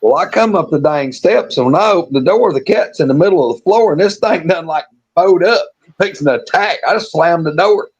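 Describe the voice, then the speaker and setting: High husky man telling a yarn. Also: fairly quick, few pauses, muffled recording. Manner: folksy, rambling yarn-spinner with frequent restarts and chuckles. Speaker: storytelling co-host. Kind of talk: casual live-stream storytelling.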